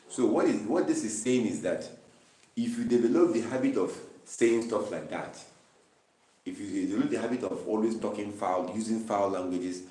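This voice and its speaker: A man's voice: on the low side, normal speed, warm tone. A man leading a Bible study, reading verses aloud and explaining them with repeated, emphatic phrases. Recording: roomy, distant mic.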